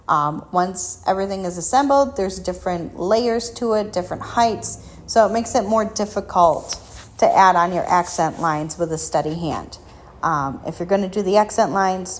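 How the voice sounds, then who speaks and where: Woman talking thru a craft tutorial, casual, lots of ums, pokes fun at herself. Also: medium pitch. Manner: chatty and self-deprecating, with frequent ums. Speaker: craft shop tutorial host.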